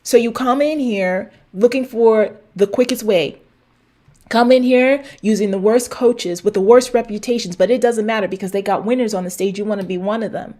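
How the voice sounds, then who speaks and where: Mid-range, darkish, and at a normal speed, this middle-aged woman's voice carries a fitness-show rant aimed right at viewers. She preaches bluntly, swearing to drive things home and repeating lines for effect.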